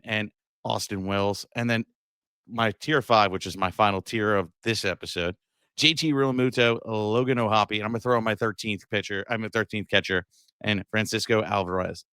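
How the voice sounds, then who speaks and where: A man's voice: on the low side, pushed and bright, smooth, no echo, clean studio sound. A man co-hosting a sports podcast in loose, joking casual chat with plenty of fillers. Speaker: podcast co-host.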